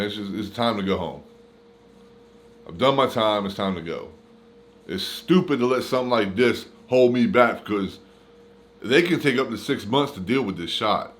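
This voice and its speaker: A man with a somewhat low-pitched voice tells a personal story straight to his camera. His talk is casual and full of slang. He acts out the dialogue of the people in the story as he goes. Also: slight background noise. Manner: slangy, animated retelling with quoted dialogue. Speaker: YouTuber telling a story. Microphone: camera mic.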